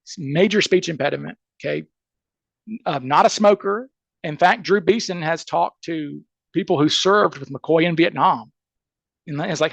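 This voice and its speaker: A man's voice: fairly high pitch, moderate pace, vocal fry, fairly bright tone, no room sound, highs cut off. A man with a Southern accent, a criminal defense attorney on a podcast interview, laying out a case emphatically and checking in with "okay?" and "right?" as he goes.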